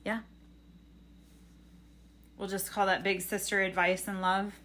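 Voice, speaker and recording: A woman's voice: mid-range voice, flat delivery, slow pace, a bit bright. A young adult woman on a livestream reading tarot, telling a rambling, earnest story full of fillers and advice. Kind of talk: casual chat.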